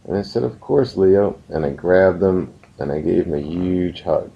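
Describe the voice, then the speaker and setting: A business course instructor with a very low, gravelly voice gives a recorded lesson, earnest and story-like, slowing down to drive each point home. His intonation stays fairly even, and the audio sounds a bit dull and muffled.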